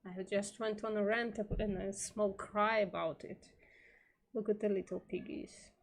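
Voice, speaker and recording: Slow-talking woman, foul-mouthed and tearful. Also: mid-range voice, steady tone. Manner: slow, swears often, emotional asides. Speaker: streamer reading an article. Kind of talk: live-stream commentary.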